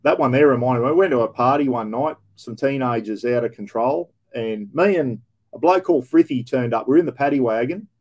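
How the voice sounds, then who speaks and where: An Australian man recounts old police stories bluntly and profanely, full of slang, in a loose, casual reaction-video style. His voice is dark and mellow, middling in pitch, and fairly quick.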